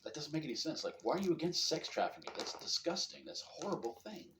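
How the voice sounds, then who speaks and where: This podcast host's pitch runs fairly high, with a quick, sing-song delivery. He fronts a laid-back comedy news show, cracking sarcastic jokes and erupting in loud laughter, while the room echoes and a faint hum lingers underneath.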